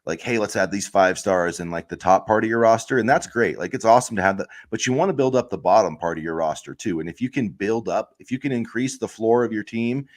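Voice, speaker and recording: A man talks sports on a podcast with a somewhat low voice. He rants heatedly and rambles, packing his talk with filler words. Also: fast talker, hardly any pauses. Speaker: podcast co-host. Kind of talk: casual sports chat.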